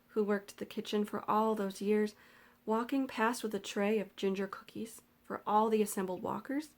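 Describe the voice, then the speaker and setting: A woman librarian reading a novel excerpt aloud in a measured, expressive storytelling manner. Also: medium pitch.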